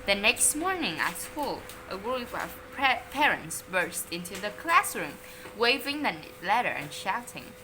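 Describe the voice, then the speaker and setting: Slow expressive woman storyteller. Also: medium pitch, background noise. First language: Vietnamese. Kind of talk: reading a children's story aloud.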